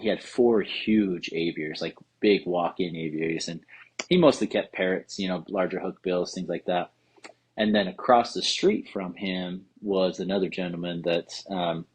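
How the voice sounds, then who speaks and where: A man, co-hosting a podcast and telling a story in a casual, animated way, acting out quotes. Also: deep voice, husky, low-quality recording. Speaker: podcast co-host.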